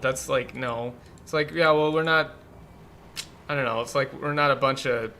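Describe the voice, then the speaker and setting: A man's voice: medium pitch, bright, forceful tone, slight background noise. A man commenting on a game's translation in a rambling, incredulous way, full of fillers. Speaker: gameplay commentator. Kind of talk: game localization commentary.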